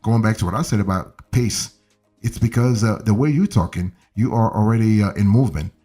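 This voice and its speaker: Husky-voiced older man coaching. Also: lowish voice, a little fast, warm tone, faint music behind. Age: 70s. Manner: conversational, repeats and restarts phrases, coaxing "okay?". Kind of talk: casual instructional talk.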